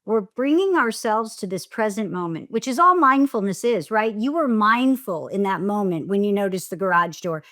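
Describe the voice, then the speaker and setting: A middle-aged woman, a divorce coach, speaking as a podcast guest and explaining ideas in a calm, affirming way. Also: mid-range voice, normal speed, hardly any pauses, dry recording, studio quality.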